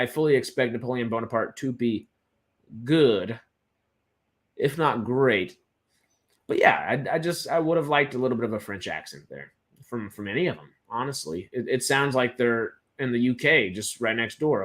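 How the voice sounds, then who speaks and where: A young man from Texas, chatting casually as a film news co-host on a live stream, rambling, stammering and enthusiastic. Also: medium pitch.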